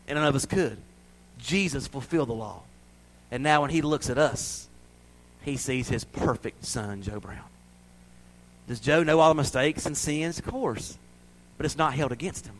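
A man from the American South preaching a sermon, swinging from loud, high-pitched exhortation to hushed intensity. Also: normal speed, slight background noise. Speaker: pastor.

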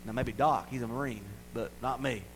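A man preaching a sermon in a folksy, playful way, building to loud declarations. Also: medium pitch, fairly even intonation, a little fast, noisy background. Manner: folksy, playful preaching with acted-out voices and rising shouts. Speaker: pastor.

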